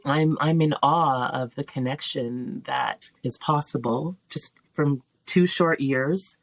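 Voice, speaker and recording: Gravelly-voiced woman speaking from the heart. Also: extremely low pitch, slow pace, dry recording. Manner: heartfelt, searching, with restarts. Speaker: guest teacher and filmmaker. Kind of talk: reflective podcast interview.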